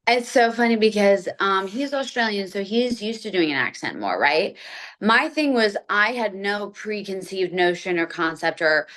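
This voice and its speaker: A young adult actress talking casually in an interview, giving long, thoughtful answers with some fillers. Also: female voice, medium pitch, lively intonation, moderate pace, fairly bright tone. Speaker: actress interviewed about her film. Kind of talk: conversational interview.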